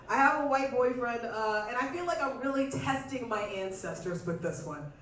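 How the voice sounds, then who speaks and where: A woman's voice: high voice, moderate pace, a bit bright, far from the mic, a little hiss or hum. A woman performing a stand-up comedy set in a club, playful and acting out quotes in exaggerated voices, with audience laughter behind her. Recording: echoey club room miked from afar.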